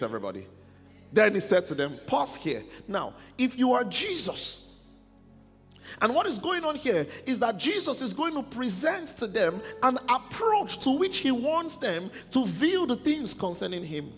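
A man's voice: sits high, long reverb tail. A man preaching a sermon who keeps asking the congregation if they follow him, in call-and-response.

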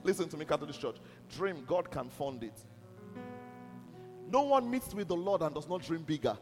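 Male preacher, high and lively delivery, insistent sermon, reverberant church hall with soft music. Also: normal speed. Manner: emphatic, repeatedly asks if listeners are listening.

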